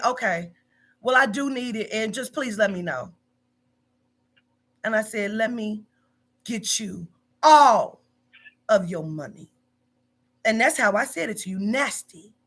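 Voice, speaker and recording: A woman's voice: on the high side, moderate pace, pauses often, sharp tone. A woman in her forties, a business owner, scolding bluntly and profanely in a heated phone argument. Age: 40s.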